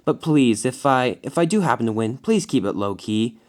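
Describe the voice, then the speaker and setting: A man's voice: mid-range voice, expressive, normal speed, a little mellow, lightly acted. A man voicing a modest, polite young male tank engine.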